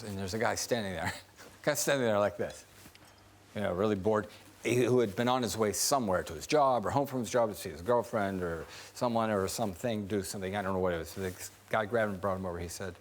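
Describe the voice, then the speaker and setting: A man's voice: fairly low pitch, fast talker. A man telling a rambling, enthusiastic anecdote as a talk show guest. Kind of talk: comic anecdote.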